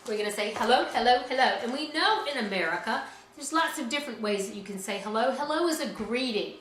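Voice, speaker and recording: A woman's voice: a little high, expressive, quick pace, fairly bright tone, echoey room, a little hiss or hum, rough recording. A woman teaching a children's music lesson in a cheerful, encouraging way, talking straight to the kids.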